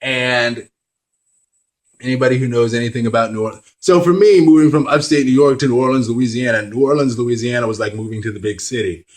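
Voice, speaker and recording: A man's voice: medium pitch, steady tone, fairly quick, rough recording. A man talking candidly to camera in a casual vlog, rambling with self-deprecating, apologetic asides. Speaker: vlogger.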